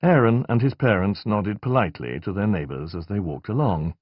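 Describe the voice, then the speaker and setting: A man narrating a fantasy novel in a measured, expressive reading. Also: on the low side, slightly rough, no room sound, muffled recording. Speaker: audiobook narrator. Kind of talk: scripted narration.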